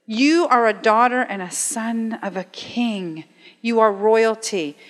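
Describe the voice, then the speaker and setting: Woman preacher, middle-aged, slightly high voice, punchy conversational delivery, long hall reverb. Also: slow pace. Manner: emphatic, conversational preaching with rhetorical questions. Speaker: guest speaker at a church. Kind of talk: sermon. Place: church sanctuary.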